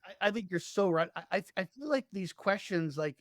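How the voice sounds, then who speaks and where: A man's voice: high-pitched, big pitch swings, moderate pace, hardly any pauses, no room sound. A man hosting a business podcast, talking casually and earnestly, often restarting his words as he thinks aloud. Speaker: podcast host.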